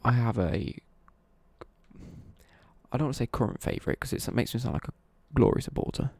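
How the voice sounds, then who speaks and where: Gravelly, dark-voiced young man. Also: mid-range voice, lively intonation, a little fast, dry recording. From East Midlands, England. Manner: rambling, chatty, with swearing and self-corrections. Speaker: live streamer. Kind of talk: casual live-stream chat, answering viewer questions.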